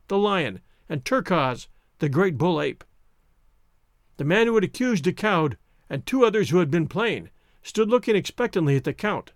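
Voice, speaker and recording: A man's voice: sits high, no echo, studio quality. A man reading a classic adventure novel aloud, giving each character his own voice in a dramatic telling. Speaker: audiobook narrator.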